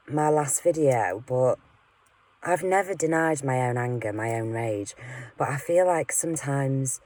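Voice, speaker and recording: A woman in an unscripted vlog rant, swearing often and rambling with fillers as she moves between loud outbursts and muttered asides. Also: low voice. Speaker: vlogger. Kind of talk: unscripted personal rant to camera.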